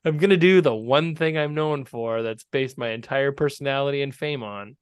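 A man's voice: mid-range voice, moderate pace, hardly any pauses, smooth, dry recording. Sarcastic man on a dry close mic. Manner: sarcastic, laughing often. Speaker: podcast co-host. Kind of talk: casual chat.

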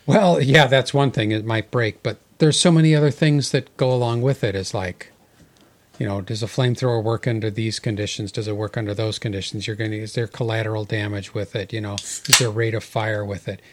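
A man's voice: fairly low pitch, steady tone, a little fast. Musing, contrarian male co-host. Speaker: podcast co-host. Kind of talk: casual chat.

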